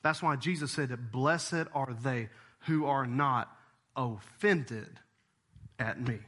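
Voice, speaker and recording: A man preaching a sermon, animated, acting out little voices and jumping up in pitch as he makes a point. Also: slow pace. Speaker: pastor.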